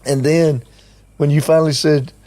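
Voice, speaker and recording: A man's voice: on the high side, flat delivery, normal speed, dark tone, no echo. An older man telling a story in casual conversation, acting out what others said and chuckling often. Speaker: team member recounting a trip.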